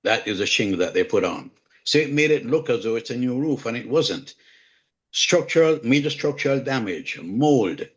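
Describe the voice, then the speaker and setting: A man in his sixties with a Jamaican accent, a home inspector speaking as a guest on an online community call, earnest and measured, repeating his key points. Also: medium pitch, expressive. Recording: dull lo-fi online call audio.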